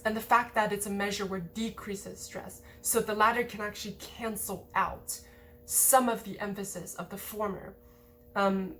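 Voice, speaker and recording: A woman's voice: medium pitch, a bit bright, slight background noise. A woman giving a casual lesson over slides, explaining in a chatty way with many fillers. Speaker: language teacher.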